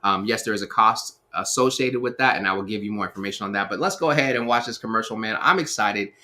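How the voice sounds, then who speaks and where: A man hosting a casual live stream, energetic and upbeat, talking with repeated phrases and lots of fillers. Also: on the low side, fast. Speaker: livestream host.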